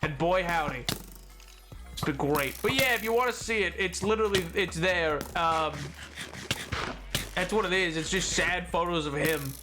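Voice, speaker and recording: A young man streaming a game, chatting casually in an excitable, rambling way and laughing often. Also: high voice, moderate pace, over music. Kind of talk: casual live-stream chat while gaming.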